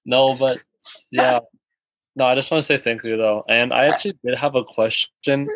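A man in a group talk who thanks the teacher and then asks a question. He speaks in a halting, self-conscious way and restarts often. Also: mid-range voice, fairly even intonation, fairly bright tone, dry recording, rough recording. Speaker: participant asking a question.

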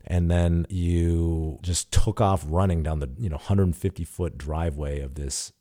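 A man's voice: low-pitched, normal speed, few pauses, dark tone. A man guest telling a candid story in an interview, animatedly acting out quoted dialogue and swearing casually. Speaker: startup CEO guest.

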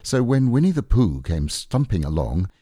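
A man reads a storybook in a very deep, mellow voice. His pace is slow and unhurried, and his pitch rises and falls with lively expression. He is recorded on a close mic in a dry, dead room. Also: breathy edge, no room sound. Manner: slow and unhurried, gentle phrasing. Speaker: audiobook reader. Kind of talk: storybook narration.

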